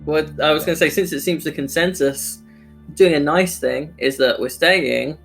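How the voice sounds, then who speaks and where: A man's voice: on the high side, moderate pace, gravelly, fairly bright tone, faint music behind. A man playing a tabletop game, talking in character with a hesitant, hedging manner. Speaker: player.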